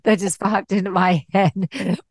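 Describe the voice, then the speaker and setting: A woman hosts a relaxed podcast chat, upbeat and prone to easy laughter. She talks slowly and with care. The sound is dry and close, with no room around it. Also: mid-range voice, dry recording. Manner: laughs easily, chatty and upbeat. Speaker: podcast host.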